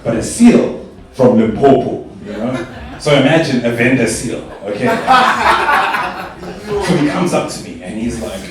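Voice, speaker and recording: A young man from South Africa performing a stand-up comedy routine, telling stories in an animated way and jumping to high squeals when he quotes himself. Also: measured pace, pauses often, noisy background. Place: stage in a club or hall. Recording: echoey live stage sound from a distance.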